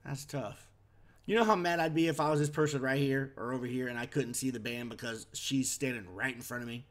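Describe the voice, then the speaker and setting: A man's voice: mid-range voice, fairly even intonation, fairly quick. A man chatting casually as he reacts to a concert video, wondering aloud and easily impressed.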